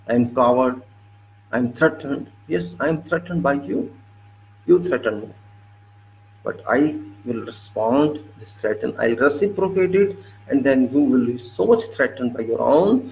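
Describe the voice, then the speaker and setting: A man delivers an impassioned monologue, his gravelly voice rising in indignation as he lectures and repeats himself. A faint hum sits under the recording. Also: medium pitch, a little mellow, poor audio. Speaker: political commentator.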